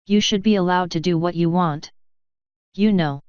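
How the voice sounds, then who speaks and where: A woman's voice: on the low side, normal speed, darkish tone, clean tone, no echo, lo-fi sound, natural voice. A woman voicing a jealous, scheming young changeling princess in a fanfiction audiobook reading. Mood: sly.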